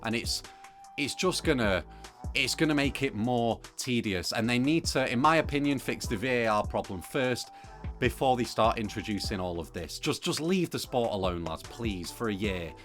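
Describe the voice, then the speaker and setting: A man's voice: medium pitch, animated, moderate pace, a bit bright, faint music behind. A young man presenting a football opinion piece to camera, talking casually with plenty of fillers. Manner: conversational, opinionated, with frequent fillers.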